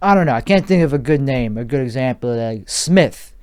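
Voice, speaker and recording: A man's voice: medium pitch, animated, quick pace, darkish tone, smooth. A man hosting a solo podcast, rambling through a crude comedic riff with restarts and swearing. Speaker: podcast host.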